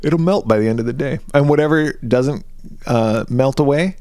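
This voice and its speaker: A mid-range male voice, slightly mellow, at normal speed with no room sound. A podcast co-host in his thirties, he recaps a movie through crude, casual banter, a profane, laughing, rambling storyteller.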